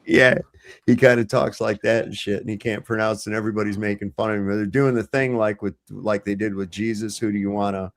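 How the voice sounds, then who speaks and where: A man's voice: lowish voice, steady tone, a little fast. A man hosting a livestream over a video call, chatting casually and telling crude, profane stories with animation. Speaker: livestream host. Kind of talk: casual chat.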